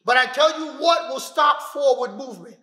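A male self-defense instructor with a very high, sharp and forceful voice. He is emphatic and street-wise, and he punches key words loudly. The sound is echoey, as if recorded in a gym. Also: moderate pace. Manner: emphatic, street-talking, bursts of loud stress. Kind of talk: demonstration teaching. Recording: echoey room.

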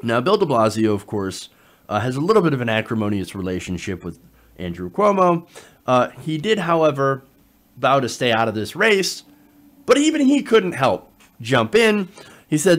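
A man giving online political commentary, talking in an animated, sarcastic way with frequent fillers. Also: mid-range voice, moderate pace.

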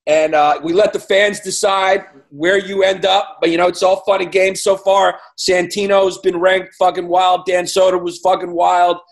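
A man's voice: sits high, level tone, normal speed, vocal fry, hardly any pauses. A man hosting a comedy podcast, chatty, explaining the rules of a game. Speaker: podcast host.

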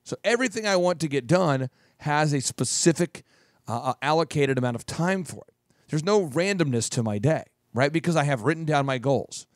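Animated jokey man giving advice. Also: on the high side, a little fast, no echo, studio quality. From Minnesota. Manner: jokey, animated, repeats phrases. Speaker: podcast host and business coach. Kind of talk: advice monologue.

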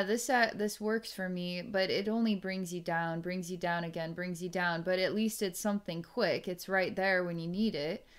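A woman psychic giving an energy reading, musing aloud in a halting way and restarting her sentences as she goes. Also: fairly low pitch, smooth. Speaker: psychic reader.

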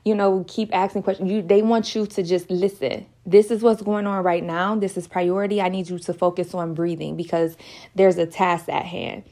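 A woman's voice: lowish voice, steady tone, moderate pace, warm tone. A woman in her own talk giving earnest, emotional spiritual encouragement. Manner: earnest, repetitive, emotional, sometimes near tears. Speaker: online Christian speaker.

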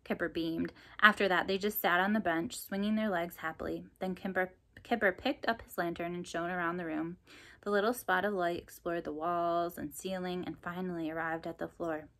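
A woman narrating a children's storybook chapter in an expressive, lively storytelling manner. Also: lowish voice, moderate pace. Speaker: audiobook narrator.

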